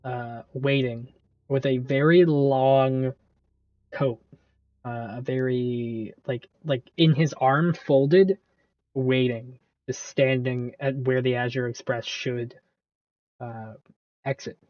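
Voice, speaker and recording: A man's voice: mid-range voice, slow, no room sound, dull audio. Man narrating a tabletop game. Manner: relaxed, hesitant with fillers. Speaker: game master.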